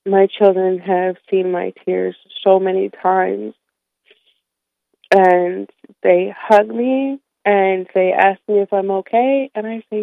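Female radio guest, mid-pitched, emotional and candid, dry tinny phone audio. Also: fairly even intonation, slow, vocal fry, no room sound. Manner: emotional, candid, warm with light laughter. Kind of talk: radio interview.

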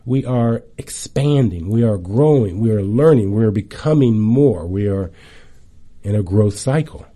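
Chatty storytelling man with a very dark voice. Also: medium pitch. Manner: chatty, animated storytelling with asides. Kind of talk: casual talk to an audience.

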